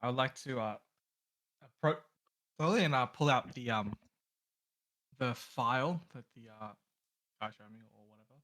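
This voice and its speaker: A man's voice: medium pitch, a bit bright, poor audio. Hesitant man playing a tabletop game. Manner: hesitant, halting, many ums. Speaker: player. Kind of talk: casual chat, tabletop role-play.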